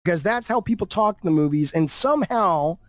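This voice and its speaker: A man in a played clip talks fast and mockingly, his pitch swinging in a lively way. The sound is dry and close, with no room around it, and he corrects himself mid-sentence. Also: no room sound. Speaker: clip of a YouTuber being reacted to. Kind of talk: quick opinion monologue.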